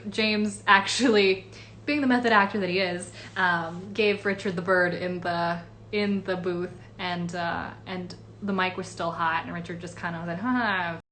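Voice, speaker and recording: A woman's voice: medium pitch, fairly even intonation, takes it slowly, fairly bright tone, slight background noise. A woman voice actress answering fan questions in a casual livestream, chatty and rambling with many fillers. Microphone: phone or webcam livestream.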